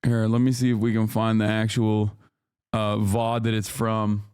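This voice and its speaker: A man streaming live, reacting to a clip and arguing his point in a heated, sarcastic way with quick restarts and fillers. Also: fairly low pitch, monotone, a little mellow, clear, resonant tone. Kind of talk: casual stream commentary.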